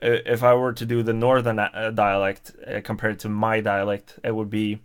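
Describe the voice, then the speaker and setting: A man from Sweden, speaking with a Swedish accent, hosts a livestream and chats casually with viewers, hesitating often with many fillers and restarts. His voice is on the low side, clear and resonant, with a flat delivery at a moderate pace.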